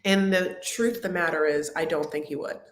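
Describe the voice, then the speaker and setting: A woman's voice: low voice, fairly even intonation, brisk, roomy sound, slight background noise. A woman hosting a reality TV recap livestream, talking casually in a rambling, chatty way full of fillers and restarts. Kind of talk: casual chat.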